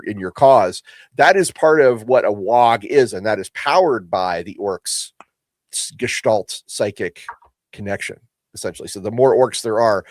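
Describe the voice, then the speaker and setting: A man's voice: on the low side, a little mellow, no echo, clean studio sound. A man hosting a casual livestream, talking through game lore with frequent restarts and reading viewer comments. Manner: halting, repeats words, reads chat aloud. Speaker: host.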